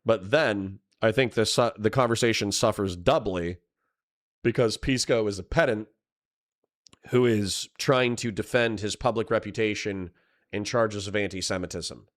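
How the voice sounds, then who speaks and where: A man's voice: lowish voice, moderate pace. A man streaming live, rambling and swearing while he comments and reads chat messages aloud.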